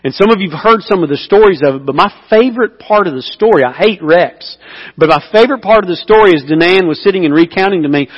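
High-voiced male preacher in echoing hall. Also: quick pace, husky, highs cut off. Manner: animated storytelling, swings between loud emphasis and hushed intimacy. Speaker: pastor. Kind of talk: sermon. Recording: long hall reverb.

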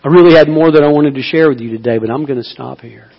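A man preaching a sermon, moving between slow, hushed appeals and loud, pleading cries. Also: fairly high pitch. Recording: dull sound with long hall reverb.

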